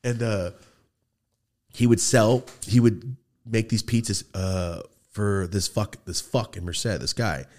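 A man hosting a studio podcast, telling animated stories and acting out the people in them. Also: lowish voice, slow. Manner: animated storyteller, acts out quoted people, swears freely. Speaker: podcast host. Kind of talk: casual storytelling chat.

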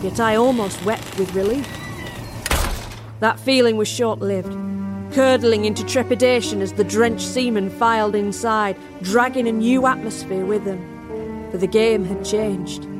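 A woman's voice: mid-range voice, measured pace, natural voice. A woman narrating a first-person horror tale as a barmaid in an audio drama. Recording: music score underneath.

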